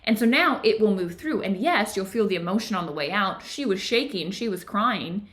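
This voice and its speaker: Book club host, woman, middle pitch, earnest and encouraging, keeps asking the audience questions. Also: animated, moderate pace, fairly bright tone. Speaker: book club host and yoga therapy teacher. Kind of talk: casual book discussion with read-aloud passages.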